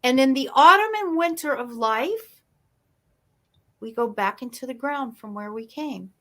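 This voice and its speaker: A woman's voice: high-pitched, expressive, measured pace, fairly bright tone. A woman speaking as a guest in a motivational interview, emphatic and storytelling. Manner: emphatic, storytelling, shifts pace for effect.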